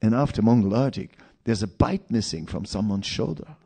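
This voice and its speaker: A man's voice: on the low side, normal speed, creaky, warm tone, slightly rough. A man preaching a sermon in a storytelling manner, with rhetorical questions and asides.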